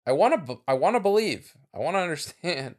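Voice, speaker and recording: A man's voice: a little high, big pitch swings, fast talker, a little mellow. A man co-hosting a podcast in casual chat, laughing often and trailing off into fillers. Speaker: podcast co-host.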